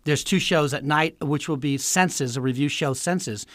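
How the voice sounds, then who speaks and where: A man with a bright, forceful, fairly high voice, talking as a guest in a radio studio. He chats lively and jumps into impressions, and the sound is close and dry. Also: moderate pace, no echo. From Northern California. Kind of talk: radio interview chat.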